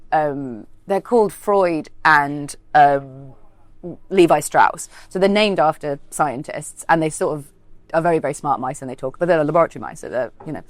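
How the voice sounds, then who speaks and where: A woman comedian and TV writer, a guest in an interview, talking quickly and animatedly with lots of fillers and acted-out quotes. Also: low voice, no echo. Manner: animated storyteller, many fillers, acts out quotes. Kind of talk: casual interview chat.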